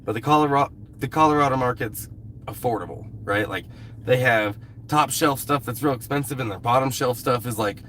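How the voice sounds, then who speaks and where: A man's voice: mid-range voice, brisk, fairly bright tone, a little hiss or hum. Blunt, cussing man streaming with a cold. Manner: blunt, heavy swearing, irritated with a commenter. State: fighting a cold, coughing. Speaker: live streamer. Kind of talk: casual live stream chat. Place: outdoors at a rural camp.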